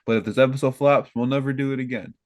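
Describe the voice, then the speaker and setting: A man's voice: mid-range voice, steady tone, fast, a little mellow, no echo. A young American man co-hosting a casual podcast, rambling and correcting his own slips with a laugh. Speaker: podcast co-host.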